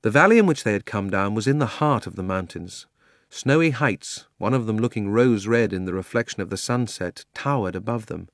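A man narrating a children's audiobook with measured storytelling. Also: lowish voice, dry recording, clean studio sound. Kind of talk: scripted narration.

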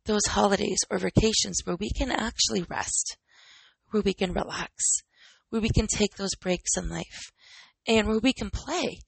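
Woman in her 30s, podcast host and trainer; candid chatty monologue with rhetorical questions, slightly husky. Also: mid-range voice, no room sound, rough recording. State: recovering from illness.

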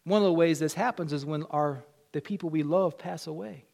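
A man with a Southern US accent preaching a sermon as pastor, swinging from loud declarations to hushed asides. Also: on the high side, fairly quick, vocal fry.

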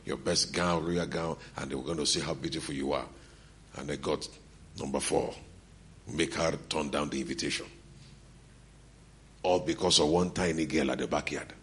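A man's voice: a bass voice, fairly bright tone, a little hiss or hum. A middle-aged man preaching a sermon as a pastor, telling stories and acting out the dialogue of the people in them. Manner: storytelling preacher, acting out dialogue, laughing between lines.

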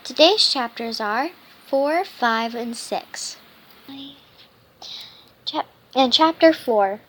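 Halting high-voiced woman reading a storybook. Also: expressive, fairly bright tone, slight background noise. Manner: halting, with frequent restarts and stumbles. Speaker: children's book reader.

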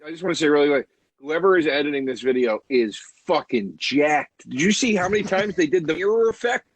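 A man teasing and excitable in casual comedic podcast banter. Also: on the high side, a little fast, slight background noise.

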